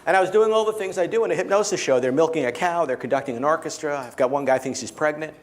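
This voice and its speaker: A man's voice: fairly high pitch, fast. A man giving a keynote talk with magic to a small gathering, telling stories playfully and leading the audience through participation.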